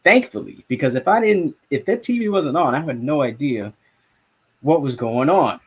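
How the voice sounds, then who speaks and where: A man's voice: fairly high pitch, lively intonation, moderate pace, husky. A young man from South Florida, a sports podcast co-host and reporter, telling a story in casual sports talk. He acts out his own reactions and swears freely.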